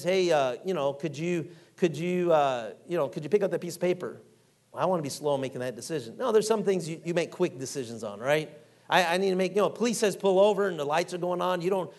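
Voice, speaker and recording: A middle-aged man preaching a folksy, animated sermon, acting out quotes and reading scripture aloud. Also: high-pitched.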